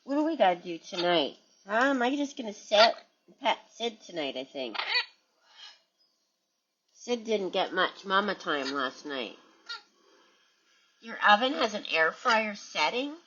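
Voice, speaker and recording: A woman's voice: mid-range voice, big pitch swings, a little slow, long pauses, fairly bright tone, muffled recording, a little hiss or hum. A woman hosting a parrot channel, chatting casually at home with her birds and reading viewer comments.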